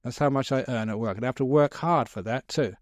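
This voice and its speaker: A man's voice: medium pitch, fast talker, no room sound, clean studio sound, lightly acted. A man voicing a tired, short-tempered father who snaps at his young son. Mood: apologetic. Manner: snapping, irritable.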